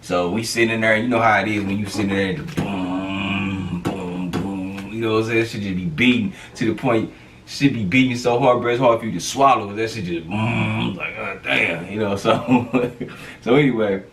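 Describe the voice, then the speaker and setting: A man telling a street story in a casual, animated storytime monologue, full of slang and fillers. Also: lowish voice, brisk, distant mic, a little hiss or hum.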